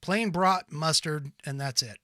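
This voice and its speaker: A middle-aged American man hosting a call-in podcast, chatting casually with quick asides and frequent restarts. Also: a little high, sharp tone, dry recording. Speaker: podcast host.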